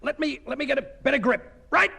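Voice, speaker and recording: A straining, gravelly lifter. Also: male voice, extremely high pitch, expressive, fairly quick, bright, forceful tone, exaggerated voice. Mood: strained. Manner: strained, fussing. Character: man straining to lift a heavy load.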